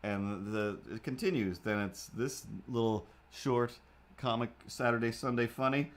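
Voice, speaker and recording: A man at a middle pitch, talking in a loose, rambling way as he draws on a live stream. He is playful and animated, and he often breaks into goofy voices. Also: measured pace. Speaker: streamer drawing comics.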